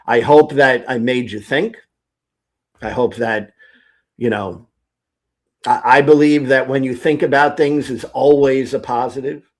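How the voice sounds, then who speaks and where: A man speaking as a guest in a casual online conversation, relaxed and hedging with "you know". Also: mid-range voice, unhurried, pauses often.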